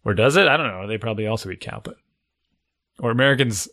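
A man's voice: on the low side, expressive, quick pace, sharp tone. A man co-hosting a casual podcast, chatting and musing as he talks things through with fillers. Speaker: podcast co-host. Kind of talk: casual chat.

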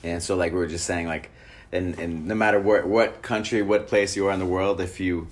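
A man's voice: low-pitched, fairly even intonation, fairly quick. A man hosting a casual conversation, rambling through questions with many fillers and restarts. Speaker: host.

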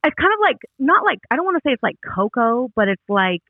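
A man's voice: very high voice, very animated, quick pace, no echo. A man in casual chat listing tips one by one, tripping over long words, heard on a phone-like line. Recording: dry tinny phone-like line.

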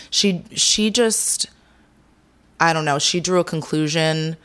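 A young woman speaking frankly as an interview guest, retelling conversations with lively energy. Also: sits low, moderate pace. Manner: frank, animated when retelling talks.

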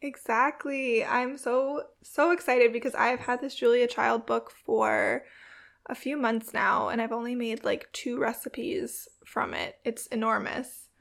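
A woman's voice: on the high side, fairly even intonation, unhurried, vocal fry. A young woman co-hosting a casual chat, enthusiastic and full of fillers. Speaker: co-host.

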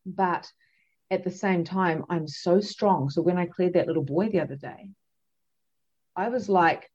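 A woman, a psychic medium and podcast guest, telling a story in an animated, emphatic way with many fillers. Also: lowish voice, a little slow, breathy edge, muffled recording. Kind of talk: casual storytelling chat.

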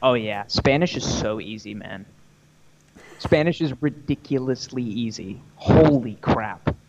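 Rambling, animated young man on a lo-fi call. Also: medium pitch, a little slow, vocal fry. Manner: rambling, animated, swears freely. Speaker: podcast co-host. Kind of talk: casual chat.

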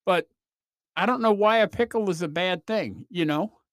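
A man hosting a podcast, rambling through a comedic monologue with animated swings and quick mock voices. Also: sits high, dry recording, studio quality. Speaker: podcast host.

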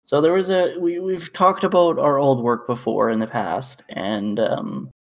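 A man's voice: medium pitch, unhurried, creaky. A man from Canada co-hosting a podcast, telling work stories in a rambling, profane way with lots of fillers and restarts. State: knee in pain. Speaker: podcast co-host. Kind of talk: casual chat.

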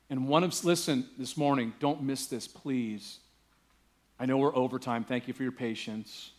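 A male pastor preaching a sermon, telling a story casually and building to emphatic preaching. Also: medium pitch. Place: church.

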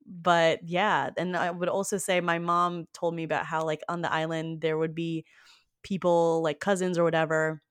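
A woman's voice: low-pitched, little pitch movement, normal speed, dry recording, clean studio sound. A woman hosting a podcast, chatting casually with lots of fillers and easy laughs. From Filipino family. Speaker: podcast host.

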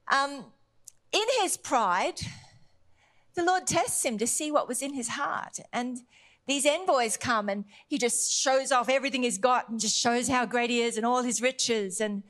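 A woman preaching with a high, bright-pitched voice. She retells scripture in an animated, conversational style. She hammers points home through emphatic repetition. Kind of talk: sermon.

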